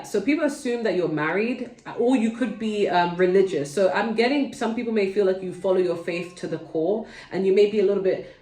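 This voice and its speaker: A woman's voice: mid-range voice, darkish tone, roomy sound, recorded from a distance. A woman with a London accent giving a casual tarot reading at home, chatty and digressive, speaking straight to her viewers. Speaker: tarot reader.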